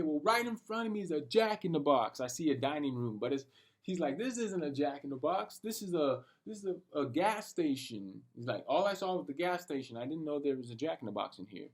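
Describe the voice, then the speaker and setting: A young man telling a rambling, animated story about his night, full of slang and cursing. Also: fairly high pitch. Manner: rambling and animated, talking to himself with lots of slang and profanity. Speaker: vlogger. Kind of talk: late-night personal rant.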